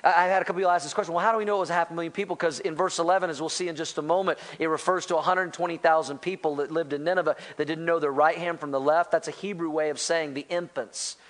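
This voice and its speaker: Male pastor, bright high voice, animated conversational sermon, voices the quotes himself. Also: fast talker, few pauses. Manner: animated preaching, voices quotes, asks the congregation.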